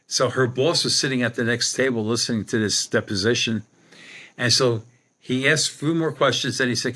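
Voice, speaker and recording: A man's voice: medium pitch, moderate pace, sharp tone. An older man, a podcast guest telling a rambling anecdote with many restarts. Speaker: guest, psychic medium. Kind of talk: storytelling in a podcast interview.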